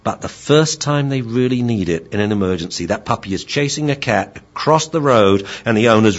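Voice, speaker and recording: Male dog trainer, chatty lecture, lively low voice, husky, lo-fi. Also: brisk, few pauses. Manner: animated, chatty, playful, many fillers, laughs, mimics voices. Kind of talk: informal lecture.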